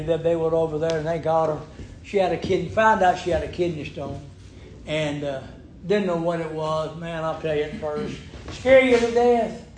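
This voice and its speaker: An older man with a high-pitched voice tells folksy ministry stories, chuckling and repeating himself. He sounds like he's in an echoey church hall. A steady background hiss sits under him. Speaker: ministry worker. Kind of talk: folksy testimony storytelling. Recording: echoey room with background noise.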